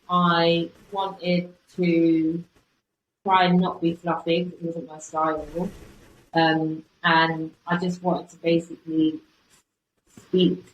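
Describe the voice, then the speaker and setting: A young woman from Bristol with a softened Bristolian accent, talking frankly as a podcast guest, with slang and many restarts. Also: on the low side. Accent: softened Bristolian English. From Bristol, England. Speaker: guest, coach and content creator. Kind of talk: casual chat. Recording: roomy sound with faint background noise.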